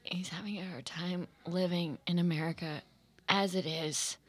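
A woman's voice: mid-range voice, expressive, moderate pace, pushed and bright. A woman doing a brash cockney housemaid. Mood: confiding. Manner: brash, blurting "oi". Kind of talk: improvised comedy scene.

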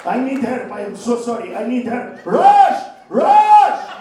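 A flustered male mathematician with a high voice, slowly puzzling out loud in stiff, broken English, as a stand-up comic puts him on. He sounds far from the mic in a very echoey hall, with a crowd laughing behind him. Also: huge pitch swings, a little hiss or hum, full character voice. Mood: baffled. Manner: broken, overly formal English, slow baffled exclamations.

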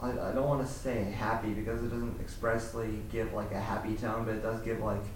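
A man's voice: on the low side, little pitch movement, fairly quick, a little hiss or hum. A man, a student, shares his thoughts in a class discussion. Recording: echoey classroom from far off.

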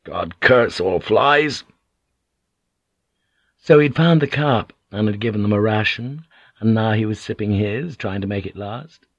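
Male audiobook narrator, low-pitched, steady and grim in his delivery. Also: no echo. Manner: measured, grim storytelling. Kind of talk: scripted narration. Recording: dull, lo-fi.

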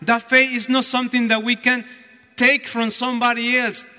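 A man's voice: very high-pitched, little pitch movement, moderate pace, pushed and bright. A man preaching a homily as a deacon, telling the story animatedly and acting out the voices. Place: church. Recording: echoey church hall.

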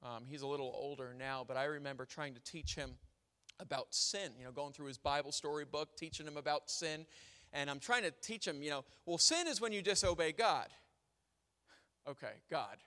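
A man's voice: a little high, fairly even intonation, a little fast, sharp tone, smooth, big-room sound. A young man preaching a sermon, mixing funny family stories with scripture reading. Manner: storytelling with humor, then reading scripture.

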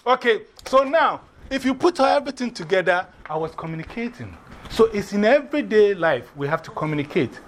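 A man with an African accent teaching a class, animated and often putting questions to the students. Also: high-pitched, fairly quick, slight background noise.

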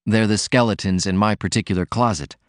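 A man's voice: lowish voice, a little fast, dry recording, studio quality, lightly acted. A man voicing a proud, poor young man who talks earnestly and defensively.

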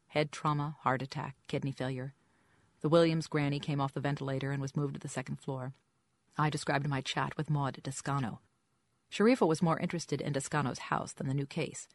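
An audiobook narrator with a low voice reads a scripted first-person story aloud, delivering it in a dry, wry storytelling style. There is no room sound at all.

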